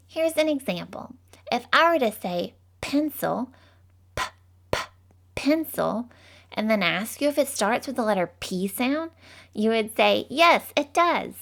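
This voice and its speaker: A woman teaching phonics to young children in a slow, sing-song, encouraging way, drawing out each sound. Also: on the high side.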